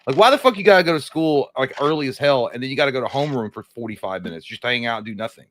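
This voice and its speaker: A man co-hosting a casual live stream, telling stories in an animated, heavily profane way. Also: mid-range voice, slight background noise. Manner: rapid, profane, animated storytelling. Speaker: co-host.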